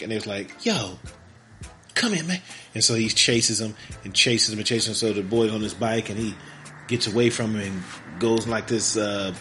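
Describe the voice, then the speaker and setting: A man's voice: mid-range voice, a bit bright. A man hosting a podcast, casually retelling a movie plot in a rambling way and acting out the characters' lines. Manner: rambling, acts out characters' lines in quick voices. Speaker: podcast host.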